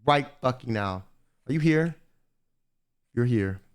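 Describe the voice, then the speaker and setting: Lively young man chatting to his stream. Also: mid-range voice, slow. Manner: slangy, swears often, animated rants. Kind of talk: casual chat to stream chat.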